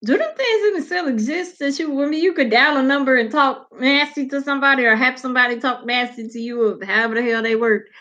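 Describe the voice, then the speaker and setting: Woman, casual host chat, animated, swears, crisp bright tone, muffled lo-fi audio. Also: sits high, quick pace, hardly any pauses. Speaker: podcast host.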